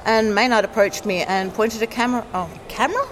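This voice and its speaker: A woman's voice: mid-range voice, steady tone, a little fast. Woman, casual chat, talkative, noisy convention hall. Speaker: guest.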